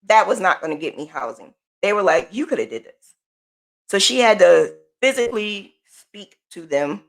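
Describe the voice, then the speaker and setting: A woman's voice: mid-range voice, animated, normal speed, vocal fry. A woman podcast host from the United States, telling a personal story in a casual, emphatic way and repeating her points.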